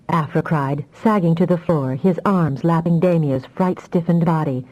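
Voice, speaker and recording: A woman narrating a fantasy audiobook with expressive storytelling. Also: sits low, moderate pace, poor audio.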